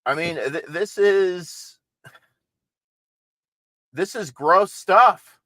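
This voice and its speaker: A man comments on a livestream in a blunt, mocking and exasperated way. His voice is fairly high for a man. The sound is dry and close to the mic. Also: drawn-out words, pushed and bright, no room sound, low-quality recording. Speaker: host.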